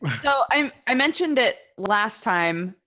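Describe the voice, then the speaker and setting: A woman's voice: medium pitch, lively intonation, a little slow, bright, forceful tone, a little hiss or hum. Chatty woman co-hosting a podcast. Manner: chatty and loose, with many fillers. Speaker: podcast co-host. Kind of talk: casual podcast chat. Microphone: USB desk microphone.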